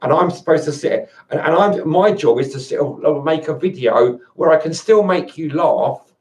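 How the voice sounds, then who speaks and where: A man's voice: fairly high pitch, normal speed, a little mellow. A man in an angry monologue to camera, swearing and repeating himself as he rants. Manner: agitated, swearing, repeats and restarts words. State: angry, worked up. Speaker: video rant maker.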